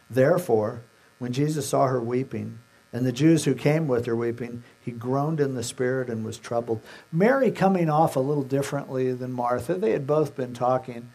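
A man's voice: medium pitch, normal speed, gravelly, warm tone. A male pastor preaching a sermon, retelling scripture conversationally and acting out the characters' words.

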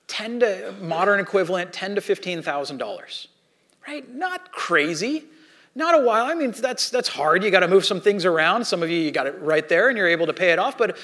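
High-voiced pastor preaching conversationally. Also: male voice. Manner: conversational and animated, with repeated fillers. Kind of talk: sermon.

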